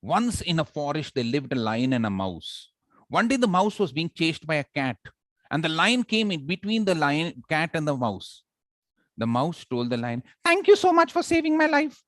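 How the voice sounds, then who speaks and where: A man with an Indian English accent teaching public speaking in an online class, animated and asking the class for responses often. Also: fairly high pitch, normal speed, dry recording. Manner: animated, audience check-ins.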